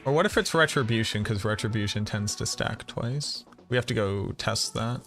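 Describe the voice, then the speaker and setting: Guy from around boston streaming a game, bright voice, thinking out loud, chatting w/ viewers. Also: lowish voice, normal speed, vocal fry, soft background music. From Boston area, USA. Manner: thinks aloud, chatty, answers chat. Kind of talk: live-stream gameplay commentary.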